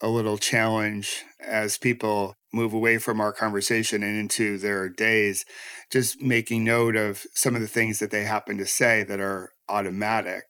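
A man from the United States hosts a podcast interview with a reflective, earnest manner. His voice sits fairly low and sounds close and dry, with no room around it. He builds ideas in long, flowing turns. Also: pushed and bright, no room sound. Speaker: podcast host. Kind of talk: conversational interview.

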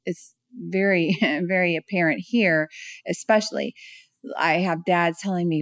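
A woman speaker and author, a guest on a podcast, talking lively and acting out little quoted phrases. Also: a little slow, dry recording, studio quality. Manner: lively, acts out little quotes with jumps in pitch. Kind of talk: conversational interview.

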